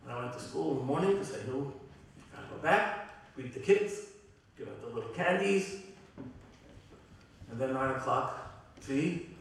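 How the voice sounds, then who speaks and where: A middle-aged man, a rabbi, giving a heartfelt, halting eulogy with many restarts. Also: mid-range voice, expressive, a little hiss or hum. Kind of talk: eulogy at a memorial gathering. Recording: very echoey hall from far off.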